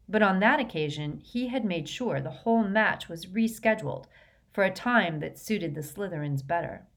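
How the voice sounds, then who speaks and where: A woman reading a children's fantasy novel aloud in a steady, even narrating voice. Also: mid-range voice. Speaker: audiobook reader. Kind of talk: storybook narration.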